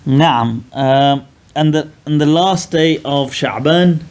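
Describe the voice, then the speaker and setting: A man's voice: a little high, slow, a little mellow, clean tone. A man teaching a classical religious text to a class, casual and joking, often acting out grumbling people. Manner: jokey, acts out grumbling people in asides.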